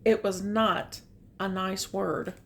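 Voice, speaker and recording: An older woman reading a picture book aloud, adding gentle, chatty comments about the pictures. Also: medium pitch, little pitch movement, slow pace. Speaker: storyteller.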